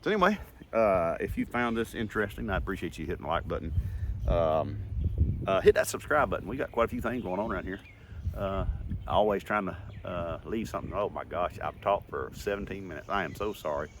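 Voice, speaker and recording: A man's voice: low-pitched, lively intonation, fairly quick, noisy background. A man, telling stories in a folksy, rambling and heartfelt way in a casual vlog. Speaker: vlogger.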